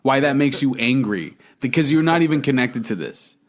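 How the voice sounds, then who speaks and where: A man's voice: mid-range voice, animated, normal speed. A man from Canada co-hosting a podcast, talking in a heated, profane, casual way. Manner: heated, profane, swears freely. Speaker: podcast co-host. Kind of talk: casual chat.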